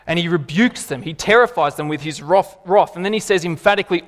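A man, preaching a sermon in an animated, emphatic way. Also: sits high, fast talker, hardly any pauses, big-room sound. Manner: animated, emphatic, laughs and acts out voices.

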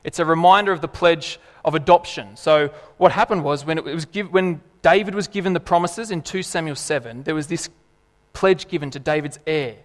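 A man in his thirties preaches a sermon with animated, emphatic delivery, his voice sitting a little high for a man. The sound rings with the long reverb of a church hall. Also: brisk.

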